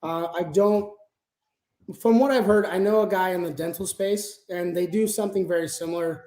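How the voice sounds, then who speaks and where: A man's voice: sits high, fairly even intonation, normal speed, mellow, reverberant. A man talking casually as an interview guest about managing a sales team, explaining things step by step with frequent fillers.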